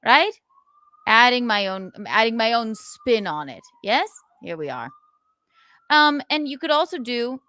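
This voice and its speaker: A woman hosting her own livestream, chatting casually and sarcastically and laughing often. Her pitch swoops up and down a lot as she talks. The sound is close and dry. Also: dry recording. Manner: animated, sarcastic, laughing often, reading chat aloud. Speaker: livestream host.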